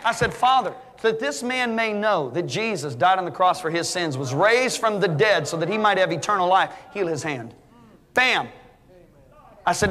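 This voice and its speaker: A middle-aged male preacher giving an animated sermon, full of stories, his voice climbing high for the punchlines. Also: a little fast, a faint crowd. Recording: long hall reverb.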